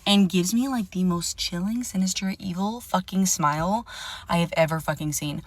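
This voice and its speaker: A young woman telling a story in casual chat, animated and swearing freely, acting out the dialogue. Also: fairly low pitch, normal speed, dry recording.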